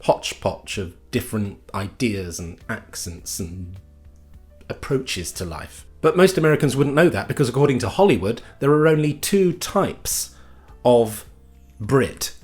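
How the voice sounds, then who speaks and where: A man's voice: mid-range voice, sing-song, a little slow, faint music behind. A man with a British accent delivering a scripted comic monologue with dry, sardonic mock outrage. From Britain. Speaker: comedy host.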